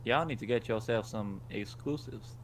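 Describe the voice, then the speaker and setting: A man's voice: on the low side, moderate pace, slight background noise. A man co-hosting a casual gaming chat, teasing and joking. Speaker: podcast co-host.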